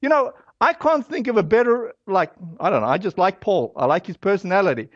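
A man with a fairly high voice preaches in a loose, chatty way, often slipping in fillers and quick asides. The sound is very dry with no room around it, and the recording is a little dull and lo-fi. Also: no echo. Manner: casual and animated, acts out quoted voices, many fillers. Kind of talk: conversational sermon.

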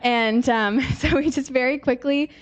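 A woman's voice: high voice, unhurried, dull audio. A young woman in her twenties giving a casual, chatty testimony in a church service, with frequent fillers. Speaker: church speaker sharing testimony. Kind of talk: testimony in a sermon.

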